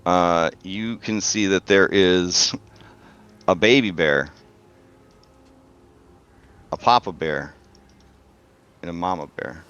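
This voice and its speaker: A man's voice: low voice, slow pace, long pauses, a bit bright, smooth. A man narrating as game master, hesitant and full of uhs while he describes scenes. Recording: dull lo-fi sound.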